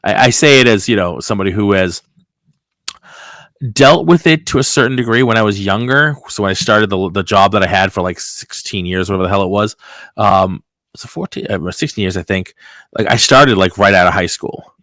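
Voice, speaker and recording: Low-voiced man telling a rambling story. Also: brisk, no room sound. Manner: animated storytelling with heavy filler and swearing. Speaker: podcast host. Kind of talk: casual chat, telling a story.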